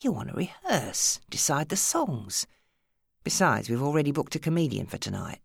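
A woman narrator plays an exasperated young man, pressing his point with urgency and impatience. His lines swing widely up and down in pitch, read close and dry. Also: very animated, moderate pace, gravelly, slightly rough, no room sound, exaggerated voice. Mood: persuading.

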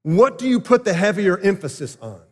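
A man preaching a sermon as a pastor, earnest and emphatic, with deliberate pauses. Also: sits high, sing-song. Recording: long hall reverb.

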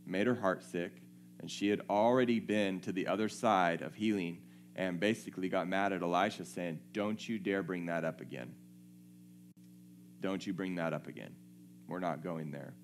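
Deep-voiced man preaching. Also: slight background noise. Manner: conversational, checks in with listeners. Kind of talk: sermon with scripture reading.

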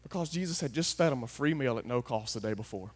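A man preaching a folksy sermon, swinging from hushed asides to loud, emphatic declarations. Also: medium pitch, lively intonation, fast talker. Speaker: pastor.

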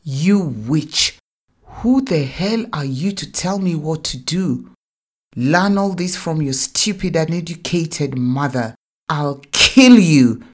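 A man's voice: on the high side, lively intonation, slow. A woman voicing a violent, bullying husband who snarls threats, then whimpers. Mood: furious. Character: violent, bullying husband and father, middle-aged.

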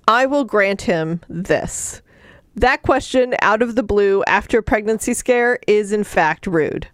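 A woman's voice: mid-range voice, a little slow, no echo, clean studio sound. Sarcastic woman recapping a book. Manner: sarcastic, animated retelling with mock voices. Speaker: podcast co-host recapping a book. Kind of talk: casual chat.

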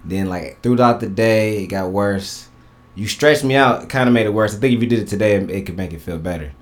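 A man's voice: fairly low pitch, a little fast. A man hosting a casual podcast with friends, loose and laid-back, often trailing off mid-sentence. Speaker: podcast host.

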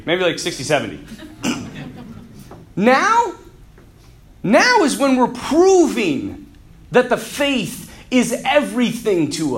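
This man, a Catholic speaker and marriage counselor, gives a lively, humorous talk to a youth group, performing the quoted characters in his stories as he preaches. He has a very high voice and keeps clearing his throat.

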